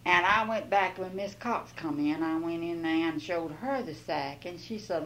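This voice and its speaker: A woman's voice: fairly low pitch, moderate pace, a little hiss or hum, low-quality recording. An older woman, telling a rambling, folksy life story as an oral history interviewee. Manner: folksy, rambling, quotes others in lively bursts.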